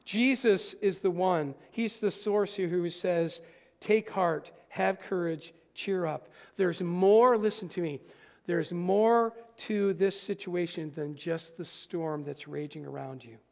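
A man preaches in a high, gravelly voice, and his words trail off into the long reverb of a big church hall. He talks straight to his congregation, emphatic, moving between hushed and forceful. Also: slow. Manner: addresses the congregation directly. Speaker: pastor. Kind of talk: sermon.

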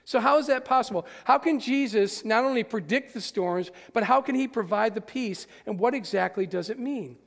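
A man preaching a sermon to his congregation, emphatic, swinging between hushed and loud, speaking to them directly. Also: high-pitched, moderate pace, gravelly, hardly any pauses. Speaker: pastor. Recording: long reverb of a large hall.

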